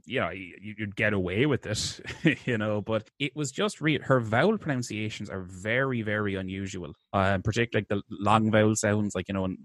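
A man's voice: fairly low pitch, brisk, hardly any pauses, dry recording. A man co-hosting a casual film podcast, talking in a rambling way full of restarts and hedges. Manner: rambling, hesitant, many restarts. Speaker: podcast co-host reviewing films. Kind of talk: casual chat.

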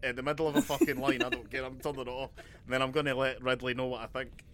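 A man co-hosting a casual comedy chat, delivering absurd jokes in a dry, deadpan way. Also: mid-range voice, fast talker. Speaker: podcast co-host.

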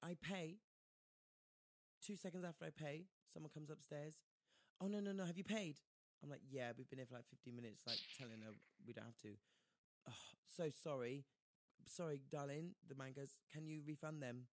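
A man's voice: on the high side, normal speed, dry recording, studio quality. A man telling a story in casual chat, acting out the people he quotes. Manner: animated, acts out quoted voices, slangy.

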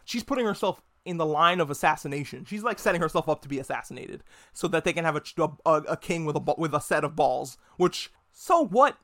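A man with a notably high voice hosts a casual podcast recap. He jokes and swears his way through the plot. He slips into quick put-on voices for the characters' lines. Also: a bit bright. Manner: profane, joking, acts out characters in quick voices. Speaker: podcast host reviewing a TV episode. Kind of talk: casual recap with acted-out quotes.

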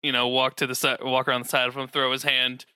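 Bright, forceful man playing a tabletop game. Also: mid-range voice, monotone, fast, clean tone, no room sound, clean studio sound. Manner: enthusiastic, swearing. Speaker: player. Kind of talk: casual chat in a tabletop game.

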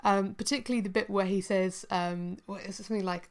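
A woman co-hosting a podcast, chatting casually and thoughtfully about a TV series, often pausing with ums. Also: mid-range voice, steady tone. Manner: thoughtful, hesitant with frequent ums. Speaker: podcast co-host.

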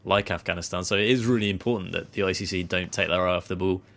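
Male co-host, lowish voice, jokey and easygoing; casual chat. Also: fairly even intonation, quick pace, vocal fry, a bit bright. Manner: jokey, laughs at his own attempts at accents. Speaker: podcast co-host. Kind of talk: casual chat about cricket.

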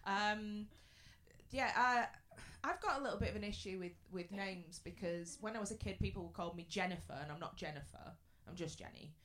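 A woman's voice: medium pitch, brisk, a bit bright. A woman chatting and telling anecdotes as a regular player on a live comedy panel show. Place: live stage venue.

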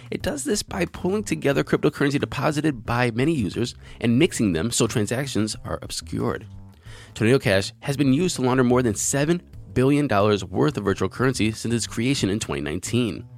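A man's voice: medium pitch, lively intonation, a little fast, creaky, faint music behind. A man hosting a crypto news show, reading out articles and giving his opinion in a conversational, earnest way.

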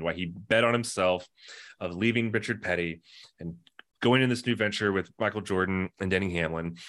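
A man's voice: lowish voice, fairly bright tone. A man co-hosting a casual podcast chat, talking things through with lots of "you know" and his voice rising when he makes a point. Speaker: podcast co-host. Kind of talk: casual chat about motor racing.

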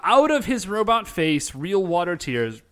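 A man co-hosting a casual chat, retelling a show with lively voiced quotes. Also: high-pitched. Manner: animated storytelling with quick voiced quotes. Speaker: podcast co-host recapping a show.

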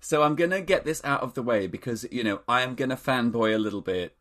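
Man, podcast host, camp, theatrical, lively pitch, studio mic. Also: moderate pace. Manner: camp, theatrical and self-mocking. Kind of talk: casual chat. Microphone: studio microphone.

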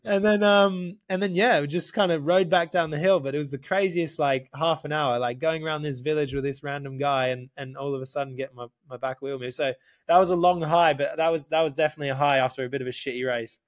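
Lively man telling a story. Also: on the high side, fast talker. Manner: lively, laughing, swears, quotes people. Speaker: podcast guest, racer. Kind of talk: casual storytelling.

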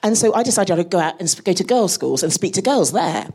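A woman space scientist speaking as a guest on a live panel, animated and often laughing between phrases. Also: fairly low pitch, fast, slightly rough.

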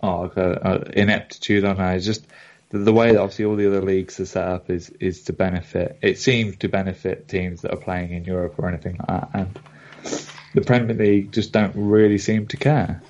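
A man with a fairly low voice chats about football, cracking jokes and stumbling over his words. His audio comes through dull and lo-fi, as if recorded on a modest mic. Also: flat delivery, fairly quick, a little mellow, a little hiss or hum. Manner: jokey, hesitant with fillers. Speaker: podcast co-host. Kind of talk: casual football podcast chat.

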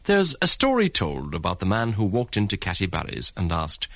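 Wry storyteller narrator. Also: male voice, sits low, wildly swooping pitch, moderate pace, gravelly, background noise. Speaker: documentary narrator. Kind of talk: scripted narration.

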